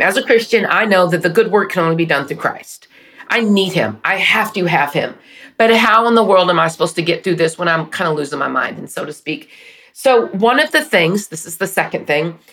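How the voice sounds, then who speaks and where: A woman's voice: fairly low pitch, fairly bright tone, far from the mic. Earnest woman hosting a faith podcast. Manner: earnest and conversational, with playful asides. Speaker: podcast host. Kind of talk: personal faith podcast monologue.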